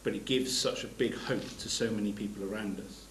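A man's voice: on the low side, steady tone, a little fast, fairly bright tone, echoey room, slight background noise, poor audio. A man giving a sermon. He reads scripture aloud and explains it plainly, stopping to restart his phrases. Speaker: preacher.

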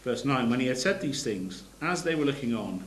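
A man's voice: mid-range voice, expressive, brisk, echoey room, slight background noise, poor audio. A man giving a sermon. He reads scripture aloud and explains it plainly, stopping to restart his phrases. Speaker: preacher.

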